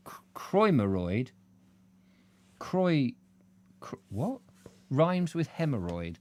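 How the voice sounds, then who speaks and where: A man's voice: medium pitch, sing-song, slow pace. A man reading a travel book aloud, breaking off into playful, self-mocking comic asides. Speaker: audiobook reader.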